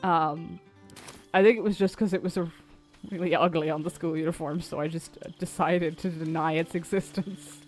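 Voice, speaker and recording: A woman's voice: low-pitched, steady tone, normal speed. A woman streaming a video game, chatting casually, swearing and laughing easily. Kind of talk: casual gameplay commentary. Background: faint game music.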